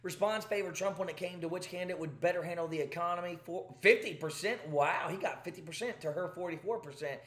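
Male commentary host, emphatic and exasperated, high-pitched, echoey room. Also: fast talker, few pauses, fairly bright tone. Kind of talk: ranting commentary.

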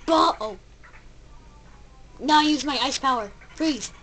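A woman giving casual gameplay commentary, excitable, yelping at the game and babbling silly sound effects. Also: sits high, slow, a little hiss or hum, low-quality recording. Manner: excitable, yelps and shouts at the game. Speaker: let's play gamer.

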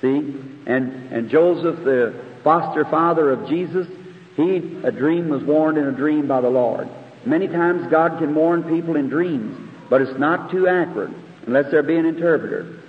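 A man's voice: a little high, moderate pace. A man preaching a sermon in an earnest, conversational way, often asking the audience questions, recorded on old tape in a church hall. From United States. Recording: phone-like archival tape in an echoey hall.

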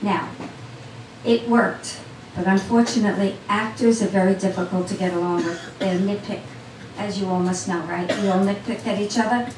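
A woman's voice: medium pitch, fairly even intonation, moderate pace, a little mellow, slight background noise. A woman telling a personal story to a live audience in a cafe, talking straight to the crowd in a chatty way. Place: small cafe event. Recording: roomy sound from a distant mic.

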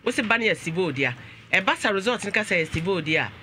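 Man, Ghanaian accent, talk show host, high voice, very bright tone, code-switching, exclamatory. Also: lively intonation, a little fast, slight background noise. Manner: mixes English and Twi, exclaims often.

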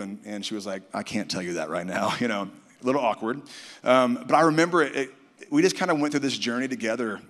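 A man's voice: mid-range voice, a bit bright. A man giving a personal testimony on stage at a conference. He tells it as an earnest story and acts out the people he quotes. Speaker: conference speaker sharing a testimony. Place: large conference hall. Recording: long hall reverb from a live conference.

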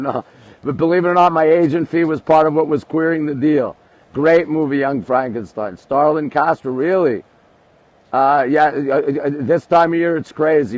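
A man's voice: on the high side, no echo. A man from Canada hosting a casual late-night livestream from a rooftop, chatting with viewers and answering their comments. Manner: chatty, answers viewers one after another. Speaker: livestream host. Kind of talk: casual live-stream chat reading comments. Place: rooftop outdoors at night in the city. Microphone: phone. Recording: dull lo-fi phone audio.

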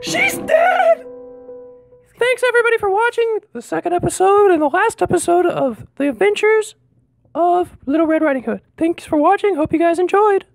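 A woman hosting her own video channel, giving a quick intro and outro. She speaks in an upbeat, rushed way with a very high voice. Soft music plays behind her. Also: lively intonation, gravelly, no echo, studio quality. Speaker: channel host.

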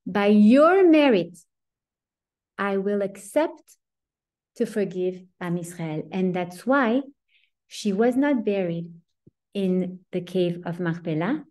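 A woman's voice: medium pitch, mellow. A woman giving a Torah lesson, earnest and emphatic, often restarting her sentences. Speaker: Torah teacher.

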